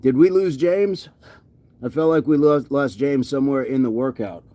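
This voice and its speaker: A man's voice: mid-range voice, moderate pace, dark tone, no echo. Sweaty man chatting on a workout stream. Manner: reads viewer comments aloud and repeats himself. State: sweaty and winded from exercise. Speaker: fitness livestreamer. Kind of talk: casual livestream chat while working out.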